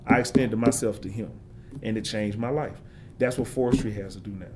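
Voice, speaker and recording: A man's voice: lowish voice, a little fast, noisy background. A man giving an interview, talking with passion and building points through emphatic repetition. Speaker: forester and interview guest.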